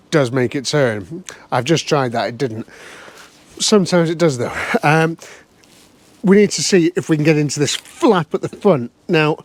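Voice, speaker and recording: A man's voice: on the high side, no room sound. A man giving chatty, wry running commentary to camera as he looks over an old car in a cold scrapyard. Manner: chatty, wry, muttering to himself. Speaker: vlog host.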